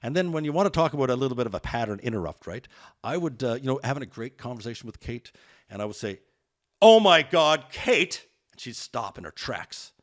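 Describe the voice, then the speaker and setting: A man telling stories as a guest in a podcast interview, energetic and rambling. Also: medium pitch, quick pace. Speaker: guest realtor.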